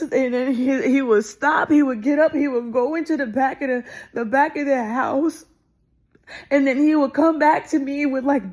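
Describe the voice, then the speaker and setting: A woman telling a personal story in a rapid, intense way, restarting often and swearing. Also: sits high, a little mellow. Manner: intense and emotional.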